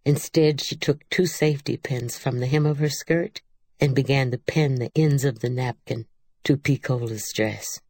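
A woman narrating a literary audiobook in a measured, unhurried reading. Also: very deep voice, steady tone, darkish tone, slightly rough, no room sound.

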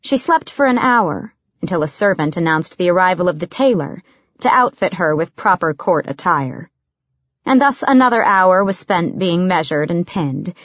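A woman narrating an audiobook in a steady, even reading voice. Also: on the low side, dry recording, muffled recording.

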